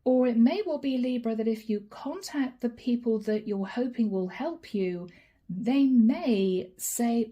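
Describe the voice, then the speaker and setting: Mellow-voiced woman doing a tarot reading. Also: fairly high pitch, unhurried. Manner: drops to a soft whisper when naming cards; addresses the listener warmly by star sign, animated and chatty. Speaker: tarot reader.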